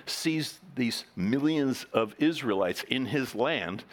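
A man's voice: mid-range voice, animated, takes it slowly. A middle-aged man preaching a sermon in a conversational, joking way, acting out the voices of the people in his stories. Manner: conversational, jokey, acts out quoted voices. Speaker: pastor.

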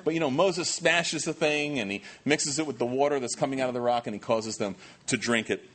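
A pastor giving a sermon, telling the story in a conversational, animated way with many fillers. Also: male voice, mid-range voice, a little fast.

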